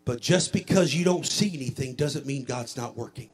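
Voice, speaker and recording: A male pastor preaching a sermon and leading an altar prayer, swelling into a chanted, shouted preaching cadence. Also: medium pitch, normal speed. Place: church sanctuary.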